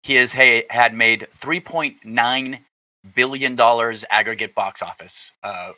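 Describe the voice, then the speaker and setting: Man, producer, very bright tone, cites figures, casual. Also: medium pitch, unhurried, low-quality recording. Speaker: producer and referee. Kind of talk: casual chat.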